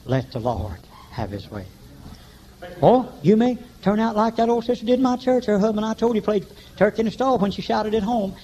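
An older man preaching a revival sermon in church, telling folksy stories and breaking into high shouts. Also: expressive, fairly quick, a little hiss or hum. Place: church meeting. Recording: dull lo-fi recording.

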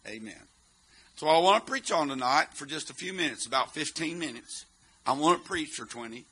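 A man preaching a sermon in church, moving between joking chat and chanted shouting punctuated by amens. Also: on the high side, animated, fairly quick, slight background noise. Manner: chanting, swelling to shouts, answering "amen" after phrases; chatty and joking in quieter stretches.

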